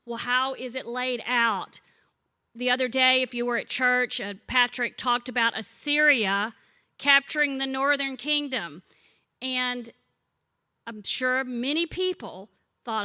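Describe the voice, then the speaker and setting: A woman in her sixties leads a Bible study, her voice bright and forward and set fairly high. She teaches in a chatty way, telling funny stories and putting questions to the group. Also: measured pace, smooth. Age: 60s. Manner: chatty, warm-humored storyteller who asks the group questions. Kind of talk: conversational teaching with humorous stories.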